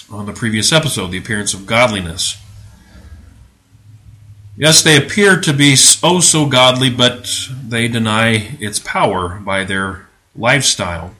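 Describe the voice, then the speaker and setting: A man's voice: fairly low pitch, pushed and bright. Sarcastic, preachy male podcast host. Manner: emphatic, indignant. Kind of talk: religious commentary podcast.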